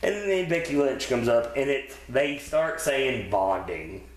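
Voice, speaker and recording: This wrestling podcast co-host talks a little slowly in a mid-range voice with big pitch swings. He rambles casually about episodes, cursing and using lots of fillers, in an echoey room.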